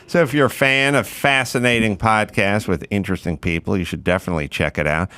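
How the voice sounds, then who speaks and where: A man's voice: fairly low pitch, a little fast, bright, forceful tone. A middle-aged man hosting a podcast, trading blunt, profane, sardonic banter and reading a sponsor spot. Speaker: podcast host. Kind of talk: casual comedic banter and ad read.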